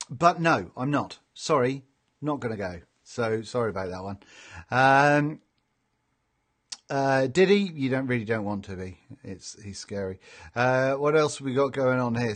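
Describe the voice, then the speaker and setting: A man's voice: fairly high pitch, fairly bright tone. A middle-aged man with a chatty, jokey manner, hosting a casual live stream and reading out viewer comments. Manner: chatty and jokey, laughs often.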